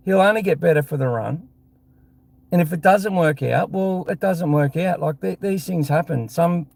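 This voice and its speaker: A man's voice: a little high, gravelly, darkish tone, no echo. An Australian man hosting a live fan show, ranting bluntly and heatedly with lots of swearing.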